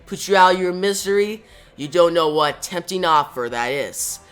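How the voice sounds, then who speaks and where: A man's voice: high voice, expressive, moderate pace, fairly bright tone, clear, resonant tone, faint music behind. A man reading a defiant young speedster hero. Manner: reads hero lines in near-own voice.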